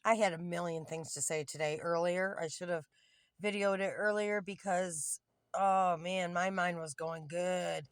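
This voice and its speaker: A woman's voice: on the low side, fairly even intonation, a little slow, no echo, clean studio sound. A woman in her fifties talking candidly into her phone from a parked car, rambling and getting heated at times. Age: 50s. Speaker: vlogger. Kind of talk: casual selfie vlog. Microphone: phone camera.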